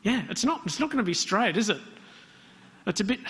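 Male preacher, conversational and questioning, slightly high voice, echoing hall. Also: big pitch swings, normal speed, pauses often, a bit bright. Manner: conversational, asks the congregation questions. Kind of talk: interactive sermon. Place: church hall. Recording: long hall reverb.

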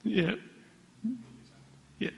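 A man preaching a sermon, talking conversationally and putting questions to the congregation. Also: very slow. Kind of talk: interactive sermon. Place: church hall. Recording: long hall reverb.

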